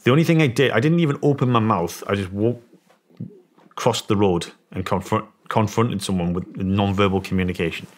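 Briskly and in a fairly low pitch, a middle-aged British former soldier recounts a story on a podcast as a guest. Hailing from England with a British English accent, he animates it by acting out the people's voices.

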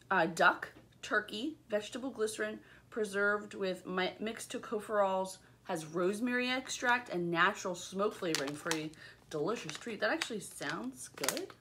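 Upbeat chatty woman doing an unboxing, lots of ums, some noise in the background. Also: mid-range voice. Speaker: product reviewer. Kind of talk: casual unboxing chat.

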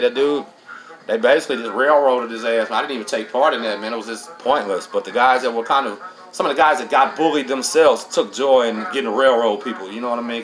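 A man's voice: mid-range voice, low-quality recording. A middle-aged man hosts a casual storytelling monologue, streetwise and profane, dropping "man" into nearly every line. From Texas. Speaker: host.

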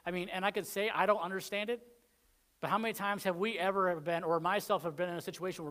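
A man's voice: high voice, steady tone, quick pace, fairly bright tone. A man with a Southern American accent preaching a sermon in a conversational way, acting out the quoted lines. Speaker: pastor.

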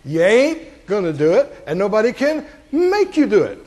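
A male pastor preaching a sermon to a congregation, asking them questions and climbing to high, emphatic peaks. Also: huge pitch swings, normal speed, darkish tone.

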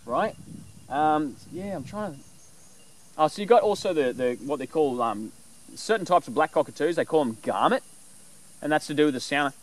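A man casually explaining animal calls in a rambling, relaxed way with lots of fillers. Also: a little high, normal speed, long pauses, a little hiss or hum. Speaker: bushcraft vlogger.

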